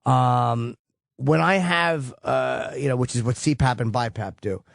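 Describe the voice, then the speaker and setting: A man's voice: medium pitch, unhurried, gravelly, dry recording. Profane, ranting man in a dry studio. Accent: New York. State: tired, cranky. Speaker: host. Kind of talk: call-in show talk.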